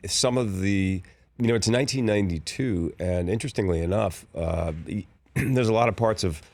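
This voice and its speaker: Older man from philadelphia, very deep voice, dry close sound, rambling relaxed anecdotes, interview guest. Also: moderate pace, dry recording. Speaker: actor guest. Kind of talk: casual interview chat.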